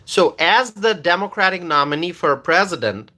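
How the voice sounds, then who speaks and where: A man's voice: high-pitched, animated, moderate pace, bright, forceful tone. A man hosting a casual political commentary live stream, repeating his points with emphasis and reading viewer comments aloud.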